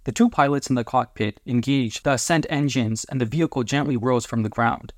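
A man narrating a homemade audiobook in a deliberate way, announcing each chapter as he goes. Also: medium pitch, no echo, clean studio sound.

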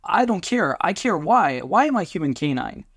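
A frantic male alien dog-man, as a man puts him on, firing off shrill, high-pitched questions. The storybook voice sits well above the reader's own, close and dry with no room sound. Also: sing-song, fairly quick, gravelly, dry recording, full character voice. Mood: indignant.

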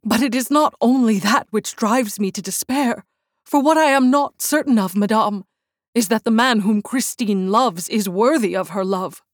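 A woman voicing a despairing young nobleman who speaks in a quiet, earnest tone. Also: moderate pace, no echo, clean studio sound, lightly acted. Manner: hushed, low and earnest.

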